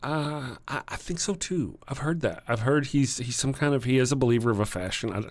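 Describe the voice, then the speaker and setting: A man with a Texan accent hosting a casual livestream, greeting viewers and reading their comments in a rambling, halting way, often chuckling. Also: mid-range voice. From Texas. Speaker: livestream host.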